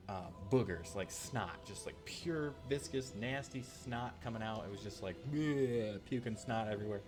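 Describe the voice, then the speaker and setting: Man, deeper voice, casual story-time chat, rambling with lots of "like", soft music underneath. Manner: rambling, filler-heavy, animated asides. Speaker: channel host telling a story.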